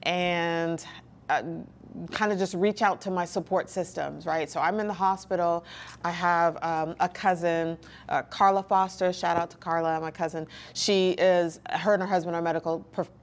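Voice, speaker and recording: A woman talking as an interview guest, earnest and reflective, with pauses and restarts. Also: fairly low pitch, fairly even intonation. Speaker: guest, licensed counselor. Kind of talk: candid personal interview talk.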